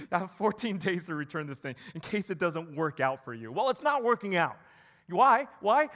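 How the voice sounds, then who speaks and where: A man delivering a conversational sermon as a pastor, animated and joking, slipping into quoted voices. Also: sits high. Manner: animated, conversational preaching with jokes and acted quotes.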